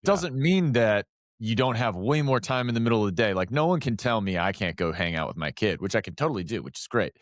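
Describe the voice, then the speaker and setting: A man's voice: lowish voice, very animated, fast, no room sound, clean studio sound. A young man co-hosting a podcast, chatting in a laid-back, rambling way and swearing casually. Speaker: podcast co-host. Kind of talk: casual chat.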